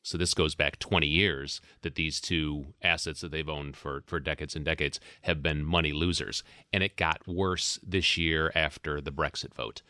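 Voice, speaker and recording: A man, a news editor guest, explaining things in a measured, step-by-step way in a podcast interview. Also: very deep voice, steady tone, bright, forceful tone, no room sound, studio quality. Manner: measured, explanatory, recounts history.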